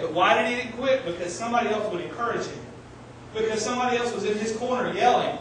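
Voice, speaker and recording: A man preaching a sermon, telling animated stories and shouting out the lines he quotes. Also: high-pitched, quick pace, a little hiss or hum. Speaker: pastor. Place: church sanctuary. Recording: echoey church hall, mic at a distance.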